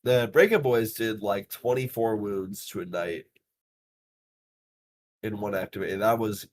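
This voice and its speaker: A young man hosting a podcast, telling animated stories casually, swearing freely and using lots of fillers. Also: on the low side, a little slow, a little hiss or hum. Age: young adult. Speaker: podcast host.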